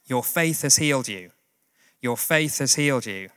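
Male preacher, chatty sermon delivery, mid pitch, long hall reverb. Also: animated, moderate pace, a bit bright, clean tone. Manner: conversational, plain-spoken, with fillers and asides.

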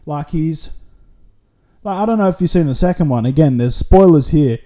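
A man's voice: fairly high pitch, lively intonation, normal speed, mellow. A man with an Australian accent hosting a solo podcast, rambling through a casual, sweary monologue full of tangents. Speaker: podcast host.

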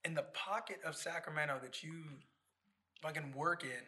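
A man hosting a casual podcast chat, profane and animated, hyping up his guests. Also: a little high, normal speed, breathy edge. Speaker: podcast host.

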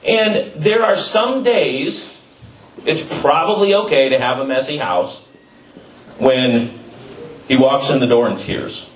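Middle-aged pastor preaching in a roomy hall. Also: male voice, medium pitch, slow pace, pauses often, a little hiss or hum. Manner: conversational, storytelling with asides and fillers. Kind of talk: sermon. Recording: roomy, distant mic with faint ambience.

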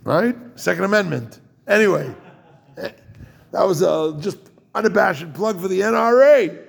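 A man's voice: high voice, lively intonation, moderate pace, gravelly, breathy edge. A man giving an informal Torah talk as a rabbi, jokey and digressive, and turning to ask his listeners questions.

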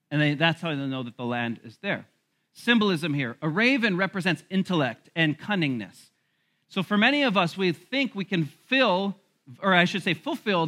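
Male pastor mid-sermon, animated and bright-toned. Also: high-pitched. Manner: animated preaching with laughs and asides.

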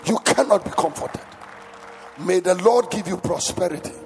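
A man preaching an impassioned sermon, shouting and chanting his points in a large church hall. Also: sits high, lively intonation, moderate pace, some chatter behind. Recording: echoey hall with faint music.

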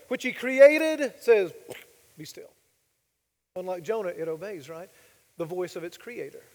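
A man's voice: high voice, darkish tone, big-room sound. A male pastor preaching a sermon, emphatic and full of rhetorical questions to the congregation.

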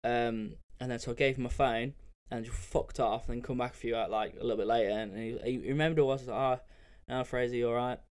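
Young bloke, solo podcast host, casual and rambling, swears freely, mid-pitched voice. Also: male voice, fairly even intonation, quick pace, few pauses, a little mellow. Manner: rambling and candid, with frequent fillers and swearing.

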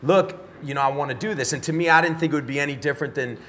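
Middle-aged american dude on a podcast mic, kinda high voice, cussing and rambling through stories. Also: male voice, very fast. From United States. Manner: animated, profane, street-style slang. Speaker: podcast guest. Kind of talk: casual storytelling interview.

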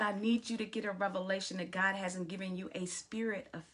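A woman's voice: medium pitch, fairly even intonation, brisk, hardly any pauses, fairly bright tone. A woman preaching a sermon, telling a story with dramatic swings in volume and emphasis.

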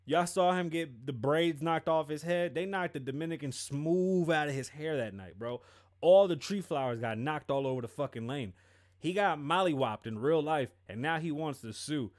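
A man's voice: fairly high pitch, moderate pace. A male host giving casual, profane pop-culture commentary on a livestream and acting out quoted dialogue.

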